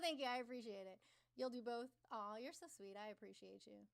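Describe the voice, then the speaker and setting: A woman's voice: a little high, a little fast, creaky. Teasing, chatty woman livestreamer. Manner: chatty, teasing, swears casually; reads and answers viewer chat aloud. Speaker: livestream host. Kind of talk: casual livestream chat.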